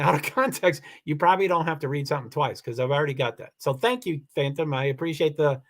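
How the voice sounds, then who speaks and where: Halting, insistent man livestreaming. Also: on the high side, fairly bright tone. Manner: halting, many restarts, firm and insistent when annoyed. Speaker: livestream host. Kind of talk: casual livestream chat reading comments.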